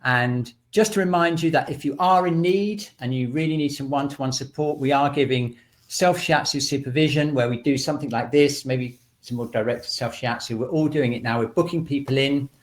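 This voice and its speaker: A man teaching a self-shiatsu class over a video call, calmly guiding stretches and breaths. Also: medium pitch, fairly quick. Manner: calm instructor, counting breaths.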